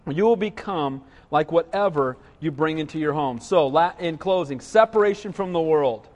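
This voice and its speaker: A man's voice: fairly high pitch, expressive, moderate pace, darkish tone, long reverb tail. A middle-aged man preaching a sermon, joking and telling stories, often asking listeners "right?". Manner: storytelling with humor, asks listeners "right?". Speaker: pastor.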